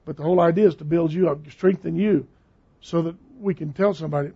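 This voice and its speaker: A man's voice: on the high side, fast talker, slightly rough. A man preaching a sermon in a conversational, emphatic way, repeating phrases for stress. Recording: dull lo-fi recording.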